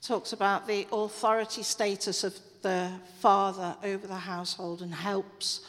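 Woman speaking in a church hall. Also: medium pitch. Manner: chatty, earnest, encouraging with asides. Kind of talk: informal church talk and prayer. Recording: long echo of a church hall.

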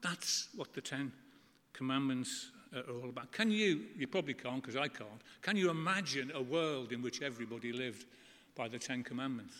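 A middle-aged man preaching a sermon to a church congregation, earnest and conversational, with emphatic pauses. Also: mid-range voice, animated, sharp tone. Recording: long church reverb.

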